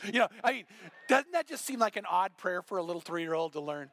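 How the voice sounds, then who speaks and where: A male pastor preaching a sermon, telling stories with lively acted-out quotes. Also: sits high, a little fast, vocal fry, slight background noise. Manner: animated storytelling with acted quotes. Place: church.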